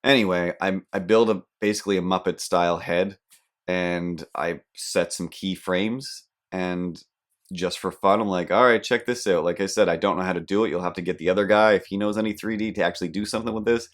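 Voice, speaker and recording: Low-voiced man telling a rambling story. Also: fairly quick. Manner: rambling, self-deprecating, animated asides. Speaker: podcast host. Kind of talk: comedic storytelling monologue.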